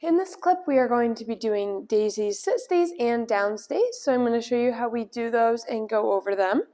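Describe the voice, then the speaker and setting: Woman dog trainer explaining calmly. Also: on the high side, normal speed. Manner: calm explaining, firm short commands to a dog. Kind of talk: instructional demonstration.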